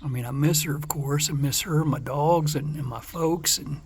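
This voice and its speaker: Relaxed, halting man on a porch. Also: fairly high pitch, slight background noise. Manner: halting, relaxed, full of fillers. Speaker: travel vlogger on a bike trip. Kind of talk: casual vlog. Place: outdoors on a store porch.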